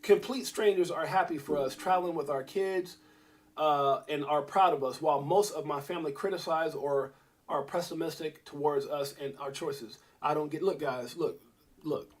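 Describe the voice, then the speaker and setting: A man's voice: fairly high pitch, normal speed. A middle-aged man hosting a crypto livestream, preaching in a fired-up motivational rant and calling out viewers by name.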